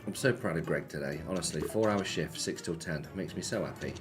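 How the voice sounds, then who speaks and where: A man's voice: deep voice, a little fast, music in the background. A man hosting a casual live stream, chatting offhandedly and answering viewer messages. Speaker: slots streamer.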